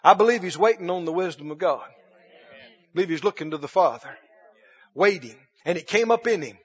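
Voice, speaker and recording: Man, high voice, preacher, sermon, emphatic, rhetorical questions, long church reverb. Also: animated, normal speed, breathy edge. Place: church sanctuary. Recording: dull, reverberant church recording.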